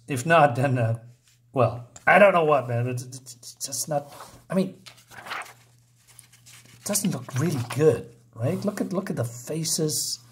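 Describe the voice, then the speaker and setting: A man with a somewhat high voice reads a comic aloud for his channel. He rambles and hesitates with lots of fillers. He sounds baffled and incredulous at what the story does. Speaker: channel host. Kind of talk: casual reading and reaction commentary.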